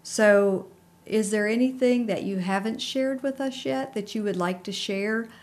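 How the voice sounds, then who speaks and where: A woman pastor co-hosting a faith talk show, speaking in a gentle, encouraging and reflective way. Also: mid-range voice, unhurried. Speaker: pastor and co-host. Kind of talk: faith conversation.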